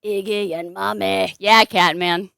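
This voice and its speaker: A woman's voice: medium pitch, steady tone, unhurried, creaky, bright, forceful tone, smooth, dry recording, clean studio sound. A young adult woman streaming live at home, chatting casually with a playful, sing-song manner. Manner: playful, sing-song baby talk to her cat. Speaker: streamer and balloon artist.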